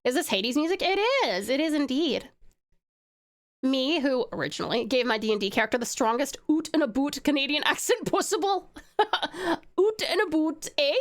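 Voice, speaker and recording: Aussie lady streamer, slightly high voice, giggly, rambles while drawing. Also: big pitch swings, a little fast. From Australia. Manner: giggly and rambling, reads chat aloud. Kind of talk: casual livestream chat while drawing.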